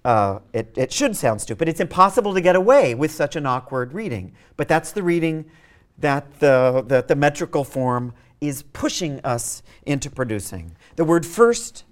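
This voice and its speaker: A man lecturing on poetry to a university class, his pitch rising and falling freely. He thinks on his feet, stumbling into restarts and repeated words, then reads lines of verse aloud and sounds out their rhythm beat by beat. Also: sing-song, moderate pace. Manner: reads verse aloud and taps out meter with spoken beats. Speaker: literature lecturer.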